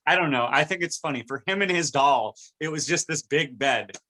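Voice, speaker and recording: A man's voice: on the high side, normal speed. A man hosting a podcast, casually and animatedly recapping an episode scene by scene. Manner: animated storytelling, recounting scenes. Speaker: podcast host.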